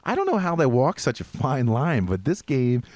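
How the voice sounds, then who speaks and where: A man hosting a podcast, telling gaming stories in a lively way and mimicking sounds from the game. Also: medium pitch, moderate pace, no echo. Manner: animated storyteller, mimics game sounds and voices. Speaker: podcast host. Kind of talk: casual gaming chat.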